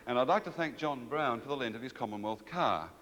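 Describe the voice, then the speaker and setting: A man's voice: mid-range voice, lively intonation, a little fast, fairly bright tone. An Australian man hosting an awards night, delivering a dry, wry and satirical comic speech in a large banquet hall. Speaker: awards host. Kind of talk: comic after-dinner speech. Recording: reverberant hall with audience.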